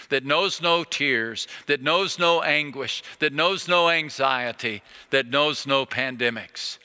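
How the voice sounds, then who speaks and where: A man preaching a sermon as a pastor, earnest and pleading, slowing down on key phrases. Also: fairly high pitch, bright, forceful tone, long reverb tail.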